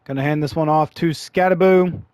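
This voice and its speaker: A man commentating his own football video game, frustrated and grumbling as he plays, and his voice is starting to go hoarse. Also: fairly high pitch, steady tone, a little fast, a little mellow, dry recording. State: losing his voice. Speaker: gaming channel host. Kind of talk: live gameplay commentary.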